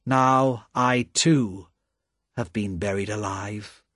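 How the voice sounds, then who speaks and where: A man voicing a troubled young nobleman prisoner who gives short, plain replies in a husky voice. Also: a little high, big pitch swings, slow, fairly bright tone, no room sound, studio quality, voice pushed up, full character voice. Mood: uneasy.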